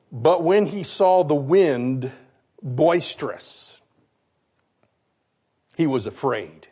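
A man from Michigan, a pastor preaching a sermon, animated and putting questions to his congregation. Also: mid-range voice, husky. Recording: dull lo-fi recording.

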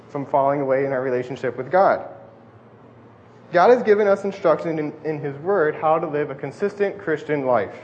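A young man preaching a sermon into a lapel mic, fast-talking and self-deprecating, in a church hall. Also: fairly high pitch, darkish tone. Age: young adult. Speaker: student preacher. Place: church hall with air conditioning. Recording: dull lo-fi audio with faint hum. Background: faint air conditioning hum.

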